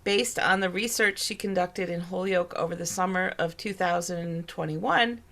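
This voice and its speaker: A woman hosting for a museum, reading a measured, formal introduction of the guest speaker over a video call. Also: lowish voice, a bit bright. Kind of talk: read introduction.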